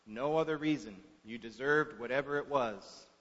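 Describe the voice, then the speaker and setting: A man preaching a sermon through storytelling, with long pauses and shifts from soft to loud, heard in an echoey hall on a dull recording. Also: mid-range voice.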